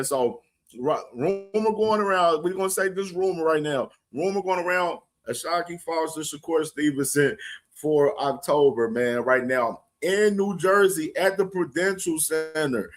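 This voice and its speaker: A man's voice: high voice, a bit bright. A man hosting a casual boxing live stream, laughing often, slangy and profane, talking straight to his chat. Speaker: boxing show host.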